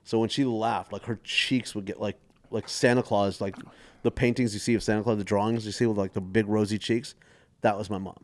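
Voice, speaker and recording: A man in his forties, a stand-up comedian guest telling family stories in an animated, casual way and acting out the voices. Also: lowish voice, a little fast. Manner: animated, acts out voices in anecdotes. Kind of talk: casual storytelling chat.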